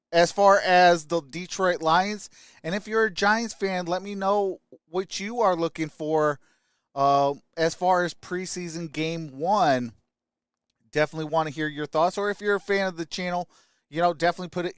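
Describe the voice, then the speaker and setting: A young adult man from Michigan hosting a casual sports live stream, greeting chat viewers by name with upbeat shout-outs. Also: sits high, clear, resonant tone, no echo, clean studio sound.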